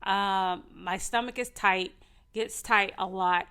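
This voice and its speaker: A woman co-hosting a podcast, telling personal stories openly with fillers and rushing through repeated phrases. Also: mid-range voice, fairly even intonation, bright, forceful tone, clean tone. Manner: open storytelling, hedging fillers, rushes repeated phrases. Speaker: podcast co-host. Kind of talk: casual health chat.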